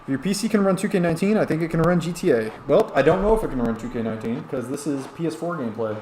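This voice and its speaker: A man's voice: fairly high pitch, expressive, very fast, darkish tone. Tipsy male streamer, rambling play-by-play on a wrestling game while reading chat, roomy echo, faint hiss behind. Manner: rambling, chatty, talks back to chat comments.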